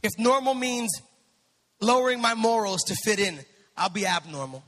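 A male pastor preaching a sermon, swinging between quiet asides and shouted, sing-song exhortation. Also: high-pitched, animated, normal speed. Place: church sanctuary. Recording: long church hall reverb.

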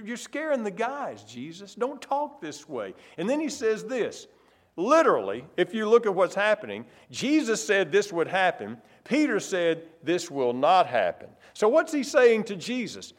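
A man preaching a sermon in a fairly high voice. His pitch rises and falls a great deal. He stresses key words with sudden loud, drawn-out phrases. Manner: emphatic, varies loudness and pace for stress.

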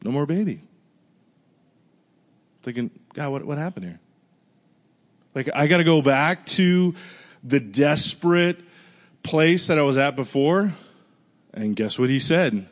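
A male pastor delivers a storytelling sermon in a conversational, earnest way. His voice sinks to a hushed murmur when he recalls his prayers and jumps up high in bursts of excitement. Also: a little slow, pauses often.

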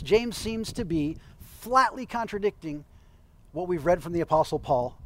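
A man's voice: on the high side, rough recording. Man preaching a conversational sermon. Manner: conversational, explanatory, with occasional light humor. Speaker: pastor.

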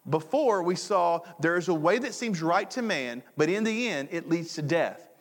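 A man's voice: on the high side, animated, moderate pace. A middle-aged man preaching a sermon to his congregation, talking conversationally, repeating key phrases and throwing questions back to the audience. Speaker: pastor. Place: church hall. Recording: long hall reverb.

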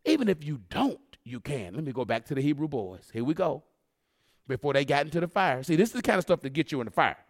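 A man preaching a fervent sermon, calling out to the congregation and rising into shouts. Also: on the high side, sing-song, fast talker.

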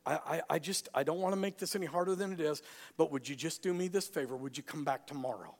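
A man voicing a timid young queen in a sermon retelling, soft and hesitant with stammers. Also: a little high, fast, long reverb tail. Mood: timid pleading. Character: queen Esther, young woman, timid and pleading.

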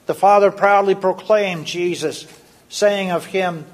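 A man reading a scripted Lenten devotion in a measured, solemn way. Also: high voice, fairly even intonation. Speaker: devotion reader.

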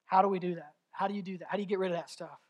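A man's voice: sits high, fairly even intonation, rapid-fire. Male pastor, passionate sermon delivery, confessional and heartfelt. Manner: passionate, rises to near-shouting in climaxes; confessional, candid storytelling.

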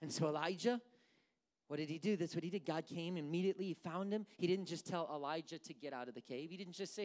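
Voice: mid-range voice, fast talker, darkish tone. A pastor preaching an impassioned sermon to a congregation watching online, building intensity through repetition.

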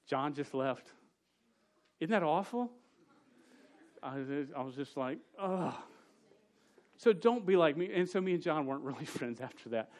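A man preaching a casual sermon to a youth group. He tells a story with jokes and quick asides. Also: a little high. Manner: storytelling, joking, rapid asides.

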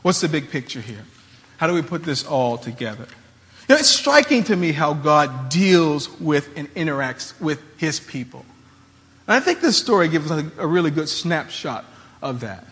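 A man's voice: fairly high pitch, sing-song, normal speed, a bit bright, big-room sound. A man preaching a sermon as a pastor, in a casual, conversational way with slangy asides.

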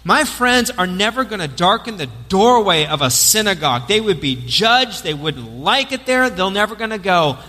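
An eager tax collector, as a preacher acts him out, talks up high and keen in a raised, excited voice. His voice is bright and carries a long church reverb. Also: normal speed, few pauses, exaggerated voice. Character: eager worried tax collector Matthew, male adult.

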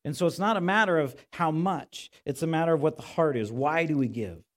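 A man's voice: fairly high pitch, a little fast. A male pastor giving a conversational sermon in a church, often asking his listeners rhetorical questions.

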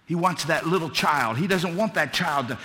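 A male pastor preaching a fervent sermon, building from quiet storytelling to loud shouted appeals. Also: on the high side, normal speed, long reverb tail, slight background noise.

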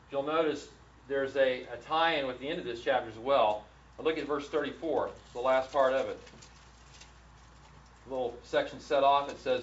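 A man's voice: medium pitch, fairly quick. A man giving an earnest verse-by-verse Bible lesson, often restarting and repeating words. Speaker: Bible teacher. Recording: roomy, distant, dull lo-fi sound with faint hiss.

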